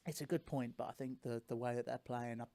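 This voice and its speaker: A man co-hosting a live football watchalong, chatting and joking in quick banter. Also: mid-range voice, fairly even intonation, dark tone. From England. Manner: chatty, quick banter with playful put-on voices. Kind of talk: casual live match chat.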